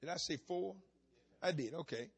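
A man's voice: fairly high pitch, lively intonation, normal speed, creaky, husky. A male pastor preaching a sermon in a folksy, emphatic way, mixing plain storytelling with bursts of insistence.

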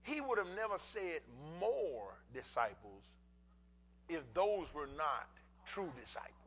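Middle-aged male preacher, slightly high voice, very animated delivery, folksy repetition. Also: slow pace, husky, rough recording. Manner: preaching in bursts, swinging from low asides to shouts; folksy, repeats words for emphasis. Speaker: pastor. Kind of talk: sermon.

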